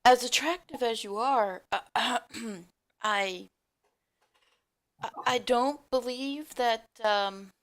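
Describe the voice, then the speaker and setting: A woman's voice: fairly high pitch, slow pace. A woman voicing a polite evasive traveler. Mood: courteous. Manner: hesitant, courteous.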